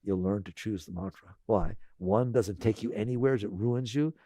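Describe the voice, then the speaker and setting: A man teaching spirituality in a relaxed, conversational talk. He repeats phrases gently and often checks in with listeners by asking "right?". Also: on the low side, moderate pace, no echo, studio quality. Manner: conversational, tags lines with "right?".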